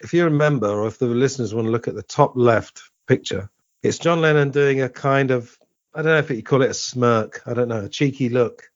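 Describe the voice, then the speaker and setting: A man hosting a podcast, chatting casually and reminiscing with a quick laugh. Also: medium pitch, dry recording. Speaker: podcast host. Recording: dull, dry lo-fi audio.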